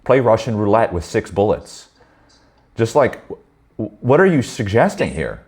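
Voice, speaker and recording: Lowish voiced guy running a men's group, swears a lot, pitch jumps all over. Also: unhurried, husky. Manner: blunt, profane, animated storytelling. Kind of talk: candid group talk.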